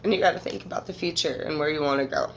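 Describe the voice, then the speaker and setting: Woman, 30s, low gravelly voice, blunt tarot-reading monologue, slight background hiss. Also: very fast, low-quality recording. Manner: candid, emotional, swears freely. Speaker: tarot reader. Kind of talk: casual monologue to viewers.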